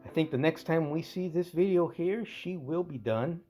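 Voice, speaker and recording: A man's voice: fairly high pitch, normal speed, mellow, soft background music. A man casually narrating a scale model tank restoration, rambling and correcting himself as he goes. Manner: rambling, self-correcting, conversational.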